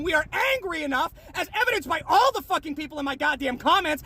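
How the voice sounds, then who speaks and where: Male online commentator, bright piercing tone, furious profane rant to camera. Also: very high-pitched, expressive, fast, hardly any pauses. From United States. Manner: shouting, profane, heated. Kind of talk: angry rant replying to comments.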